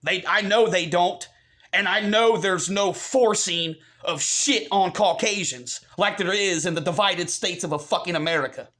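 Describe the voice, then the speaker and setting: Vlogger, male, fairly high voice, heated and profane, repeats his points. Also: moderate pace, pushed and bright. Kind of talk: angry rant to camera.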